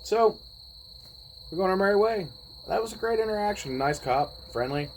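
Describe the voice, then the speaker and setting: A man in his forties, telling a personal story in a laid-back, rambling way with pauses. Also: high voice, lively intonation, vocal fry, slight background noise, poor audio. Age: 40s. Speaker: vlogger. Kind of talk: casual storytelling.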